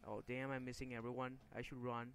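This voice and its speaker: A man's voice: medium pitch, level tone, fast, a bit bright, slight background noise. A young man commenting over his own gameplay, frustrated and swearing, with sudden angry outbursts between mumbled asides. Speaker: gaming video creator.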